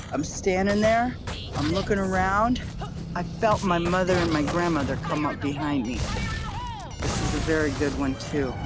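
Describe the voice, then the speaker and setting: Earnest middle-aged woman over background music. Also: fairly low pitch. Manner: earnest, run-on storytelling with many repeated phrases. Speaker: near-death experience storyteller. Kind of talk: personal testimony. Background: clear background music.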